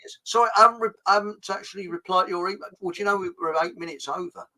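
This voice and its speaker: A man's voice: high-pitched, rapid-fire, sharp tone, rough recording. A man hosting a casual livestream chat, rambling and hesitant with many ums and restarts. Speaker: host.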